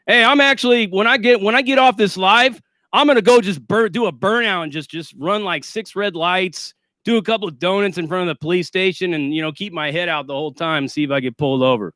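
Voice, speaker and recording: Male streamer, sarcastic and foul-mouthed; bright, clear voice, dry close sound. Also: sits high, brisk, no room sound. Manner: profane, sarcastic and boastful. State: shaky and winded after a workout. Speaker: livestream host. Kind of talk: casual livestream rant.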